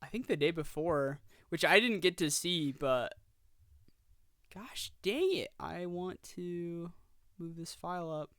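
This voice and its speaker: A young man in his twenties co-hosting a podcast, chatting excitedly about a film and rambling through his points. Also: fairly high pitch, measured pace, dry recording, studio quality. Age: 20s. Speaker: podcast co-host. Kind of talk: casual film review chat.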